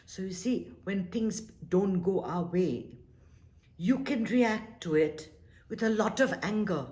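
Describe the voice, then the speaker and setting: A meditation teacher with a mid-range voice speaks slowly, earnestly coaxing her class toward staying calm. Now and then she acts out short quoted exchanges.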